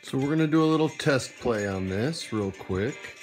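A man's voice: medium pitch, expressive, moderate pace, soft background music. A man hosting a casual video about a tabletop game, laid-back and joking, with plenty of "like" and "uh". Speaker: host and game master.

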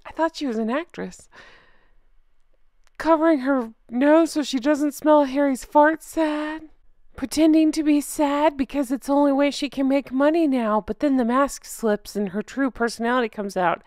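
A woman vlogger giving snarky, deadpan commentary. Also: high-pitched, normal speed, no room sound, clean studio sound. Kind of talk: sarcastic commentary.

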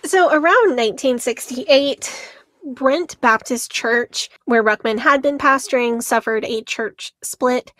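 A woman podcast co-host with a somewhat high voice talks animatedly through a story. She laughs easily as she reads out quotes. The sound is dry and close to the mic. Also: dry recording. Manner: lively storytelling, laughing often while reading out quotes. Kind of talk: casual podcast chat.

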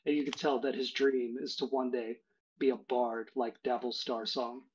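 A man running a tabletop game, talking casually and relaxed with frequent fillers. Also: medium pitch, moderate pace, a little hiss or hum. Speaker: game master. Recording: dull lo-fi recording.

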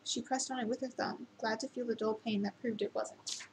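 A woman reading a novel aloud at an unhurried pace, with occasional slips and restarts. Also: fairly high pitch, steady tone, a little mellow, a little hiss or hum, rough recording. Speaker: reader.

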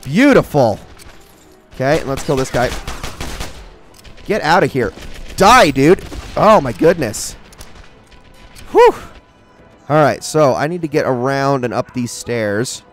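A young man giving casual, excitable commentary while playing a shooter game, talking to himself and the enemies. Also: mid-range voice, slow pace, pauses often, soft background music. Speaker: gaming channel host.

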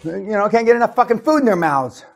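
A man giving an aggressive, profane seminar rant, berating his audience and shouting often. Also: sits high, animated, fast talker, vocal fry. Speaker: business seminar speaker.

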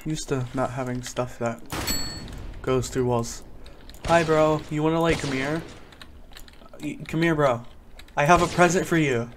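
A man's voice: on the high side, a little slow, pauses often, noisy background. A man giving casual gameplay commentary as a gaming YouTuber, joking and mock-serious while he chats at other players.

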